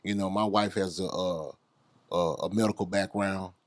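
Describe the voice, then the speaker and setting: A man's voice: low-pitched, steady tone, normal speed, dry recording. A man hosting a casual interview, backing his guest with amens and yeahs and asking questions. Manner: affirming, answers with amens and yeahs. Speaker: podcast host.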